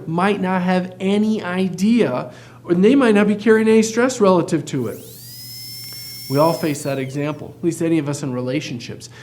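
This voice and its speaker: A man's voice: high voice, a little mellow. A man coaching dental practice teams in an earnest, motivational talk, asking his listeners many rhetorical questions. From United States.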